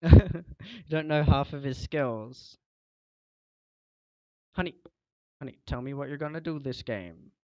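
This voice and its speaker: Young male game streamer, lecturing tone, higher voice, dry muffled mic. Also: expressive, takes it slowly, pauses often, dark tone, dry recording. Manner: scolding, lecturing a teammate, voice rising. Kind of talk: casual game stream chat.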